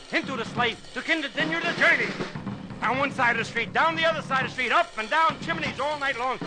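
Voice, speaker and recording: A man's voice: very high-pitched, background noise. An actor playing a jolly old Santa Claus who laughs heartily and narrates his Christmas Eve journey on a vintage children's record. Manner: hearty ho-ho laughter, animal and train noises.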